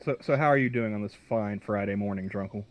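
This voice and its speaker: A man's voice: on the low side, fast, muffled recording. A man hosting a casual podcast chat, asking questions and joking wryly, often laughing along.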